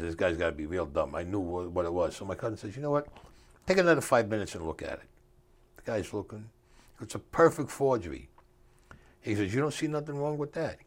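An older man telling a story as an interview guest, in a streetwise way with rough grammar, acting out the voices of the people he quotes. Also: on the low side.

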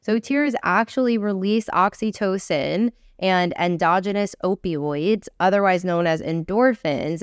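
Woman in her 30s, podcast host with a smooth, lowish voice, earnest and encouraging, dry close-mic sound. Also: no room sound. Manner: earnest, encouraging, slows down for emphasis. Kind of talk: solo self-help podcast monologue.

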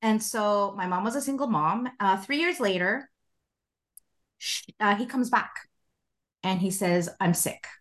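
A woman in her forties, a spiritual life coach, telling a personal story in a casual interview with animated, expressive delivery and frequent laughter. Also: medium pitch, a little slow, long pauses.

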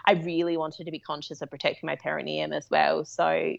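Low-voiced woman telling a candid story. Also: level tone, brisk, vocal fry, muffled recording. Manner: candid and rambling, laughing often. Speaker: interview guest; midwife. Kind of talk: personal storytelling in a remote interview. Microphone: remote call.

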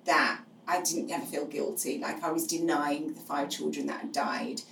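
A middle-aged woman, a guest on the show, telling her experience frankly and finding humour in dark moments. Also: low voice, fairly even intonation, normal speed, creaky. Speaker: guest, charity co-founder. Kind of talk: candid storytelling in conversation. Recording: roomy, distant mic with faint noise.

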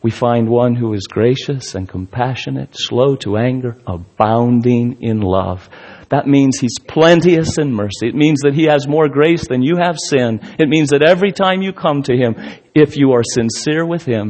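Male pastor, husky tone, fervent sermon with surging emphasis. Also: mid-range voice, normal speed, a little mellow. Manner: impassioned, rising and falling emphasis. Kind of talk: sermon and closing prayer.

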